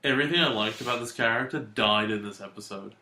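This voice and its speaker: A podcast co-host chatting casually, giving sharp, opinionated commentary on a cartoon. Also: mid-range voice, quick pace, echoey room, slight background noise. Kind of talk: casual chat.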